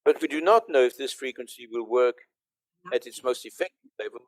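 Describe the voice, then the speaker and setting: A man's voice: mid-range voice, animated, fairly quick. An older man, a professor, giving an online conference lecture and explaining step by step while checking that listeners can hear him.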